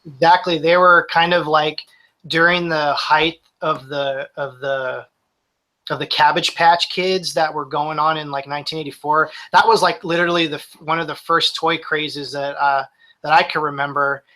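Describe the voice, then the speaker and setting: A man's voice: a little high, fairly even intonation, normal speed, pushed and bright, low-quality recording. A man in his forties, a reseller guest talking casually in a live-streamed interview, rambling with restarts.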